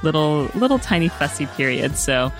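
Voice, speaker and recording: A new mother hosting a podcast, talking in a relaxed, conversational way with her own mother. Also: deep voice, moderate pace, faint music behind. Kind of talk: casual podcast talk. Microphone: podcast microphone.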